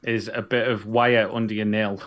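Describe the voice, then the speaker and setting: A man's voice: on the low side, little pitch movement, normal speed, fairly bright tone. A man with a Northern English accent, co-hosting a casual chat and making short, blunt remarks. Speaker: podcast co-host.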